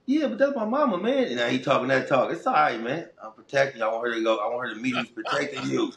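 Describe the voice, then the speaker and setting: Gravelly streetwise man from Los Angeles. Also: mid-range voice, racing, reverberant, crowd noise. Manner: animated, streetwise, heartfelt. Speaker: interview guest. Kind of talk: casual storytelling.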